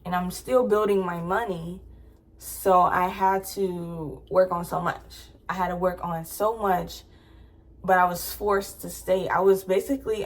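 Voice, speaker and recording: A young adult woman vlogger telling a personal story in a casual, chatty way, full of "like" fillers. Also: lowish voice.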